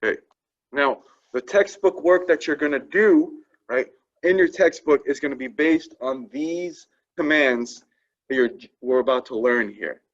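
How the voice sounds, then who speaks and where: A man's voice: mid-range voice, a little slow. A male French teacher giving classroom instruction, repeating phrases for students to drill and often checking in with "right?". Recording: dull lo-fi classroom recording.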